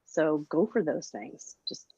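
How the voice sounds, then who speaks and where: A woman's voice: low-pitched, animated, slow, mellow, breathy edge, dry recording. A middle-aged woman co-hosting a casual motivational chat, upbeat and encouraging, with many fillers. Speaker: co-host. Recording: dull dry lo-fi sound.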